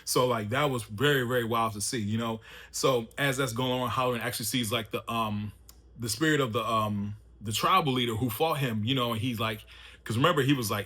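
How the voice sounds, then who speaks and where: A man recaps a TV episode in an easygoing review. His voice sits mid-range with a bright, forward edge. He talks loosely, in slang, and strings his thoughts together with fillers. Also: mid-range voice, fast talker, breathy edge. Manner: loose and chatty, slangy, many fillers like "you know" and "man". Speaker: TV show reviewer. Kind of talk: casual spoken episode recap.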